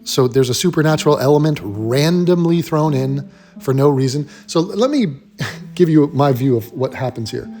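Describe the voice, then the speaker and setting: Swearing freely, a man rants about a film with blunt sarcasm, his voice slightly higher than average, expressive and warm at a normal speed. He's a commentary host airing his verdict, with faint music low in the background.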